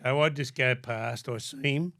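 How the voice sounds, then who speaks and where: A man's voice: mid-range voice, moderate pace, vocal fry, fairly bright tone, dry recording, clean studio sound. An older man with an Australian accent from Sydney, telling stories as a podcast guest in a blunt, heavily profane way. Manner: blunt, heavy swearing, acts out quoted dialogue. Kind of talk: casual storytelling.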